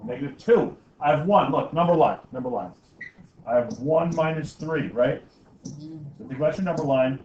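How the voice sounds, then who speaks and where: A man's voice: on the high side, moderate pace, a little mellow, recorded from a distance, slight background noise. A man teaching a math class, joking with students and checking in with "okay?" and "right?" after almost every step. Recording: echoey, dull classroom recording from afar.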